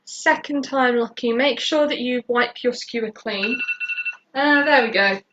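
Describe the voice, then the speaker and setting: British woman, fairly high voice, home baking host; rambling and full of fillers, dull lo-fi stream sound. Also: a little slow, fairly bright tone, a little hiss or hum. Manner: rambling, many fillers and restarts. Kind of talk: casual live baking tutorial. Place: home kitchen.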